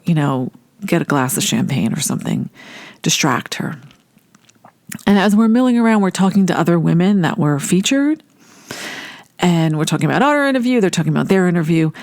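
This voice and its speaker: A woman casually telling a personal story, animated and acting out the voices of people she quotes. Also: fairly low pitch, no room sound. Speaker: storyteller recounting a personal memory.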